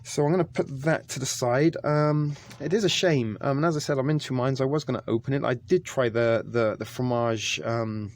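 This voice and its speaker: A man's voice: medium pitch, fairly even intonation, moderate pace, hardly any pauses. A man casually reviewing a ration pack on camera, talking in a hesitant, chatty way with many ums. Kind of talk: casual food review vlog.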